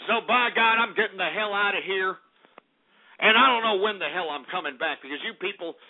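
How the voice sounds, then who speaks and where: A man's voice: high voice, fairly quick, gravelly. A man hosting a call-in radio show, ranting angrily and profanely, repeating himself. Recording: tinny phone-like audio.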